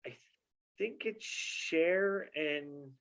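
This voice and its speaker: A man's voice: fairly high pitch, very slow, vocal fry, fairly bright tone, rough recording. A man co-hosting a casual chat, tossing in dry one-liners and hesitant guesses. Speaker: co-host. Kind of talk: casual banter.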